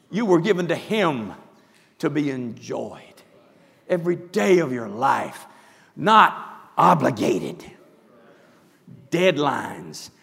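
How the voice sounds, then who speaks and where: A man preaching with a lively, rising and falling delivery, from hushed asides to full shouts. His voice is bright and edged with gravelly fry. It rings out with a long reverb, as if spoken in a big hall. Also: on the high side. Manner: animated preaching that swings from soft asides to shouting. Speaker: pastor. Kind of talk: sermon.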